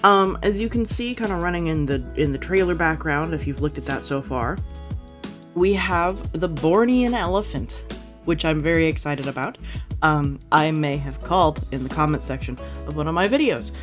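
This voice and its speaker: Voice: mid-range voice, expressive, normal speed, faint music behind. Chatty, upbeat gaming commentator. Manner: chatty, rambling, frequent fillers and self-corrections; upbeat and enthusiastic. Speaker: gaming YouTuber. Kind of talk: casual reaction commentary.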